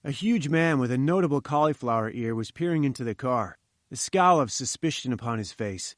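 A man reading scripted narration of a classic adventure story in a measured, clear storytelling manner. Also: medium pitch, expressive, no room sound, studio quality. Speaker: audiobook narrator.

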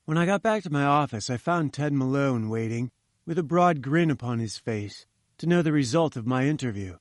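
A man narrating an old-fashioned story in a measured, formal manner. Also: medium pitch, lively intonation, no echo, studio quality. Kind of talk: audiobook narration.

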